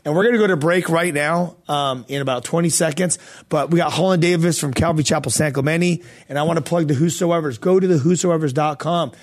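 A man hosting a podcast, telling a faith story in a loose, animated, slangy way with many fillers. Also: on the high side, brisk. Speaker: podcast host. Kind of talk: casual storytelling testimony.

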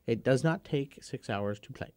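A man's voice: medium pitch, moderate pace, darkish tone, clear, resonant tone, dry recording. A man on a board game podcast panel, laid-back and wry. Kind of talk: casual chat.

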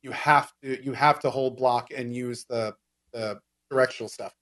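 A man's voice: mid-range voice, steady tone, normal speed, fairly bright tone. A man in casual gaming chat, explaining game mechanics at length with lots of fillers and restarts. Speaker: game discussion co-host.

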